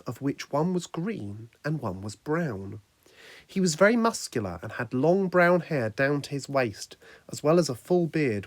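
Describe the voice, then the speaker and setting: A man's voice: medium pitch, dry recording. Man reading a story in a dry room. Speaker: narrator. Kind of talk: reading a fan fiction story aloud.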